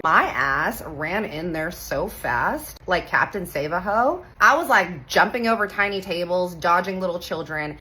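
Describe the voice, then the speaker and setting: A woman in her thirties from Texas, telling a funny personal story in a casual, animated way, acting out the voices and swearing playfully. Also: on the low side, low-quality recording. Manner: animated, acts out quoted voices, playful cursing.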